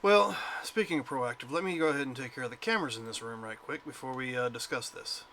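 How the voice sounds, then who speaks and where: A man playing a tabletop game online, chatting casually and laughing easily. His voice has a bright, sharp edge, with faint hiss behind it. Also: medium pitch, quick pace. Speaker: player.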